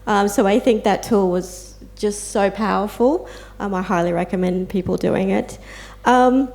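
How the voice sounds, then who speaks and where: Here a female peer support volunteer and carer with an Australian accent addresses a panel audience. Her medium-pitched, darkish voice carries heartfelt personal storytelling, complete with fillers and quoted asides.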